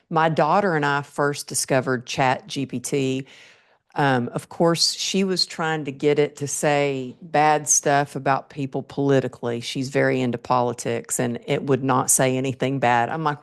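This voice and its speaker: A middle-aged woman, hosting a podcast interview in a chatty, enthusiastic way. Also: low voice. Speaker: podcast host. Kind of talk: casual interview chat.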